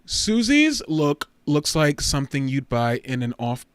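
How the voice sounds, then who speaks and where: A man hosting a casual livestream chat, animated, jumping between loud excited outbursts and quieter asides. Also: a little high, a little slow, clean tone, no echo. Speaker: livestream host.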